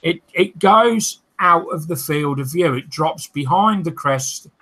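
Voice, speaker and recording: A man hosts a relaxed livestream, taking his time as he reads out viewer comments. His talk is full of fillers and small restarts, and he often breaks into laughter. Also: fairly high pitch, a little slow, poor audio. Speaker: host of a modelling livestream. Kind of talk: casual chat, reading out viewer comments.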